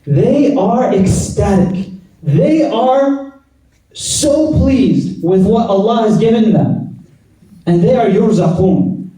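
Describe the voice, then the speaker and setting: A man delivers a Friday sermon in a mosque, earnest and exhorting, driving his points home with repeated phrases. His voice sits fairly high with a mellow, soft-edged tone. It rings through a very reverberant prayer hall, picked up from a distance. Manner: earnest, exhorting, rhetorical repetition. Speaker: imam giving Friday sermon. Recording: echoey hall, mic at a distance.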